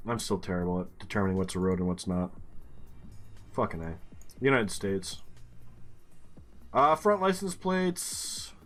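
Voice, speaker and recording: A man's voice: sits low, animated, unhurried, long pauses, a bit bright, soft background music. A man giving casual game commentary, thinking aloud as he works through clues, muttering and swearing now and then. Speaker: gaming streamer.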